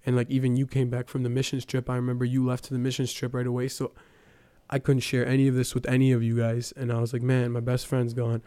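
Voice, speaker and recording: A man's voice: mid-range voice, completely flat delivery, fast, dark tone, smooth, no room sound. A young man giving a casual personal testimony at church, telling his story with lots of fillers and quoted dialogue.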